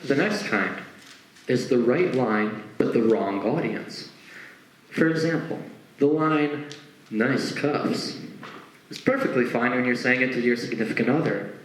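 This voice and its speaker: A man's voice: medium pitch, normal speed. A young man doing a stand-up comedy set, talking conversationally with lots of asides. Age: young adult. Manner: conversational, with frequent asides and lively acted quotes. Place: stage performance. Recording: roomy echo.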